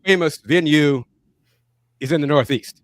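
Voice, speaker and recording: A man's voice: a little high, unhurried, slight background noise. A man hosting a casual sports talk show, chatting through news and calling on his panelists by name. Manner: conversational, calls on panelists by name. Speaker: podcast host.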